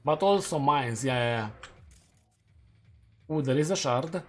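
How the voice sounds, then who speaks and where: A man's voice: mid-range voice, animated, measured pace. A man streaming a game, chatting casually and laughing at his own takes; English is not his first language. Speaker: gaming streamer. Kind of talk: casual gameplay commentary.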